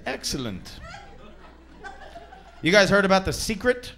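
A man's voice: high voice, lively intonation, normal speed, fairly bright tone. A man performing a stand-up comedy set on a comedy club stage, brash and crude, teasing the audience as he goes.

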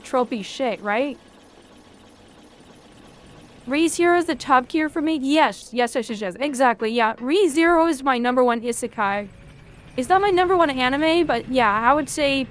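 High-voiced woman chatting on stream. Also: a little hiss or hum. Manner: casual, rambling, swears freely, reads out chat. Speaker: video game streamer. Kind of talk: live game stream chat.

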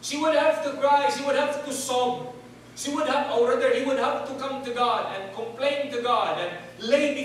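With an extremely high pitch and normal speed, this male preacher calls on his church-hall congregation to answer back and repeat words. The recording sounds distant and echoey, with a touch of hiss or hum.

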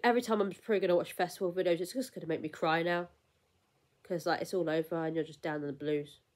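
Young woman vlogger, low-ish voice, rambling, emotional casual chat. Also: fairly even intonation, fast talker, darkish tone. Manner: rambling, emotional, with frequent fillers and laughs.

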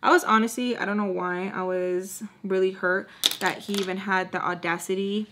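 Animated young woman spilling a storytime. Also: medium pitch, moderate pace, background noise. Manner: animated and chatty, heavy use of "like," repeats phrases for emphasis. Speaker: storytime vlogger. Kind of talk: casual storytime chat. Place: at home, doing her makeup while talking.

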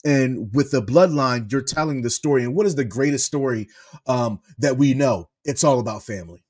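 A man co-hosting a wrestling review podcast, chatting in an animated way and laughing often. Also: mid-range voice, moderate pace. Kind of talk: casual podcast chat.

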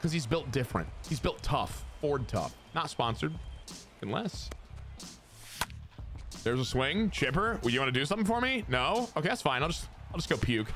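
A young man giving joking, excitable commentary on his own gameplay to his chat, with sudden shouts. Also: fairly high pitch, moderate pace, soft background music. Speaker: gaming streamer.

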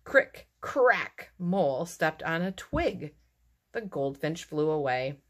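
A woman reading a children's storybook aloud in a lively, expressive way. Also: sits low, slow pace. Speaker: narrator.

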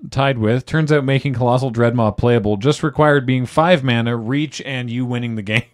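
A man's voice: medium pitch, normal speed, hardly any pauses. A man hosting a casual podcast panel, reading out listener suggestions and laughing often.

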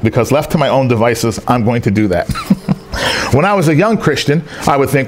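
A man's voice: mid-range voice, normal speed, a little hiss or hum. A man preaching a sermon as pastor, telling stories and acting out the voices of the people in them. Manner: animated storytelling preacher, acting out quoted voices. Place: church service in a rented hall.

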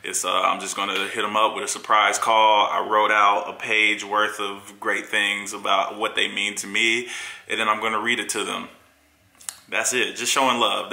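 A man's voice: on the low side, creaky, pushed and bright. Sincere man reading in an echoey room. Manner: sincere, measured delivery. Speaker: vlogger. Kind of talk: reading a heartfelt letter aloud. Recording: echoey room with music behind.

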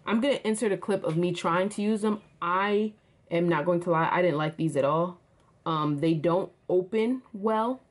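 A woman's voice: on the low side, normal speed. A woman chatting casually to her viewers as she unboxes and shows off jewelry, calling them y'all. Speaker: vlogger.

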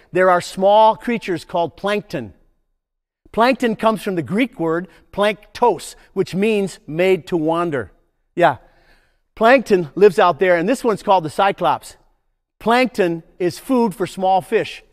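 A high-voiced older man leads a children's nature program, calling out prompts for the crowd to chant back. His delivery is playful and bouncy, and a long hall reverb trails every phrase. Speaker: nature educator.

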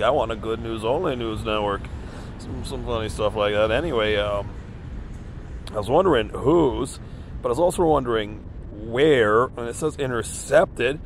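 A man's voice: lowish voice, slight background noise. A man speaking outdoors in a park, rambling in an agitated way while reading headlines and recounting threats. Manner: agitated, rambling, repeats himself. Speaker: vlogger.

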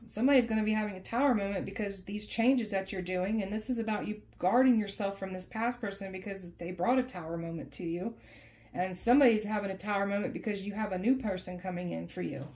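A tarot reader addresses her viewers directly mid-reading, casual and emphatic, returning again and again to the same phrases. She speaks fast at an ordinary female pitch, with a darkish tone. There's slight hiss or hum in the background.

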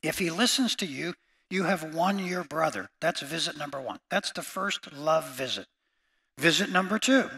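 A man's voice: a little high, normal speed, creaky, sharp tone. A man preaching a sermon as pastor, emphatic and repeating each point as he addresses his listeners as friends.

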